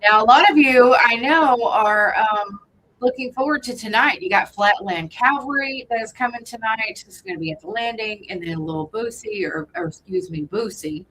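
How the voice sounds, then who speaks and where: Woman, morning radio host, loose and rambling, bright tone, light background noise. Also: a little high, animated, normal speed, poor audio. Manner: chatty, loose and rambling, greets listeners by name. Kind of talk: casual morning radio chat. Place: radio studio.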